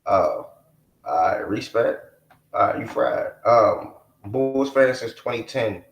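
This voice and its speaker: A man's voice: mid-range voice, takes it slowly, gravelly, roomy sound. A man hosting a casual live sports chat stream, talking in a laid-back way full of slang. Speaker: host.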